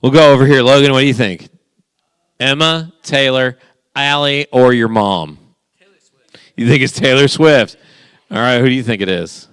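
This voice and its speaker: A man's voice: medium pitch, a bit bright, smooth, no room sound, studio quality. Playful man hosting a youth game. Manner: playful, teasing, quick back-and-forth with the group. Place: church youth room.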